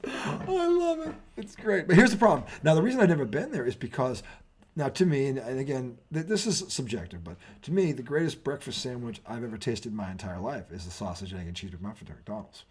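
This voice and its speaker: A man's voice: mid-range voice, very animated, fairly quick, breathy edge. A man co-hosting a casual sports talk show, telling stories animatedly with swearing and laughter. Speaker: co-host.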